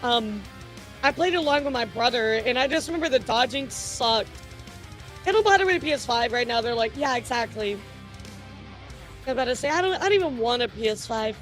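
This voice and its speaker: A woman hosts a casual live stream with a high, bright-pitched voice that keeps jumping up in excitement. She laughs often, swears freely and chats straight to her viewers, with faint music playing behind her. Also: fast. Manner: giggly, animated, swears casually. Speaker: VTuber news streamer.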